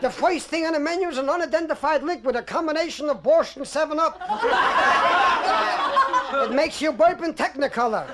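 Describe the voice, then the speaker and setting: A male stand-up comedian delivering rapid-fire one-liners in a comedy monologue, heard on a crackly vinyl record with clicks. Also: very high voice.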